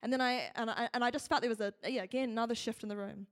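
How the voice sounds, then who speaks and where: A woman's voice: fairly high pitch, steady tone, rapid-fire. A woman telling a story from a dream to a church audience, chatty and informal, with fillers and restarts. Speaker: speaker at a church gathering. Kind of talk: sermon storytelling.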